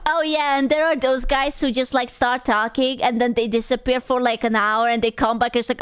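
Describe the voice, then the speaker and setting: A woman's voice: fairly high pitch, steady tone, moderate pace, few pauses, clean tone, no echo. A woman streamer in casual live-stream chat, joking crudely and reacting to her chat.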